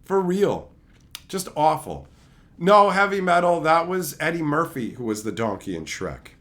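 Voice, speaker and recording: Here a male streamer speaks at a measured pace in a fairly high, sing-song, somewhat bright voice. He reviews and chats live, answering chat with a sarcastic, profane rant.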